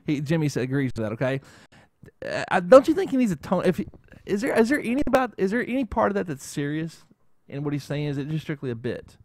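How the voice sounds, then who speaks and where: A man's voice: a little high, big pitch swings, quick pace, a little mellow. A man hosting a casual talk show who rambles and keeps adding "okay?" as he talks. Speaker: show host. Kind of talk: casual chat.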